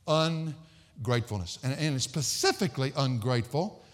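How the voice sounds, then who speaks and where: A man's voice: medium pitch, lively intonation, normal speed, long reverb tail. A man preaching an expository sermon, emphatic and storytelling, repeating phrases for stress.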